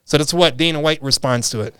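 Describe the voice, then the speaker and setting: A man co-hosting a casual podcast, talking in an animated way and jumping in to act out quotes. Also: on the high side, fast talker, smooth. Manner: animated, jumps in, acts out quotes. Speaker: podcast co-host. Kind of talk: casual chat.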